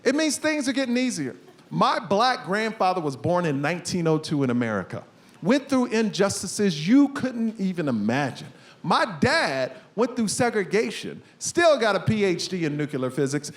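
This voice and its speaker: A man in his forties performing a stand-up comedy set, telling stories with loud, animated punchlines. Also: sits high, normal speed. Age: 40s. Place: stage before a live audience. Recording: live stand-up recording with audience noise.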